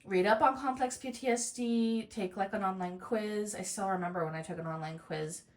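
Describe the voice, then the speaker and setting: A woman making a casual crafting vlog, speaking in a soft, heartfelt, rambling way. She sounds tearful and close to crying. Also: medium pitch, normal speed. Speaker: crafting YouTuber.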